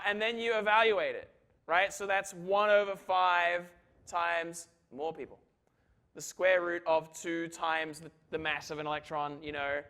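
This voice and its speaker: With a fairly high pitch and a bright, forceful tone, a man teaches a university physics lecture in a lecture hall. He works through equations in a chatty, joking way, often checking in with "right?"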